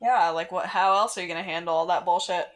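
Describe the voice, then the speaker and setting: A woman's voice: fairly low pitch, fast talker. A woman co-hosting a podcast, trading teasing quips and laughing often. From United States. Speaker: podcast co-host. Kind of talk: casual comedic chat.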